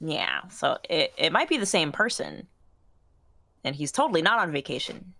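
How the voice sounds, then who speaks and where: Musing woman, lowish lively voice. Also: normal speed, creaky, dry recording. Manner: musing, thinking aloud. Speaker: game streamer. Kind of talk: casual game commentary.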